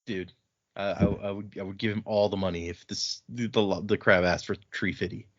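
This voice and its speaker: A man's voice: low-pitched, steady tone, moderate pace, fairly bright tone. A man casually recapping a book chapter on a podcast, rambling with many restarts. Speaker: podcast co-host. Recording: slightly lo-fi podcast audio.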